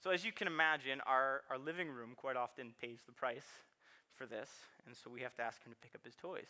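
A man's voice: medium pitch, fairly even intonation, fairly quick, bright, forceful tone. A man in his thirties preaching a sermon in a chatty, self-deprecating way, laughing often and repeating words. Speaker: pastor.

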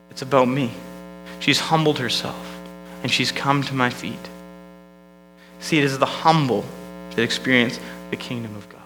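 A man's voice: mid-range voice, pushed and bright, poor audio. A man preaching a sermon as pastor, in a conversational, self-deprecating way with frequent restarts.

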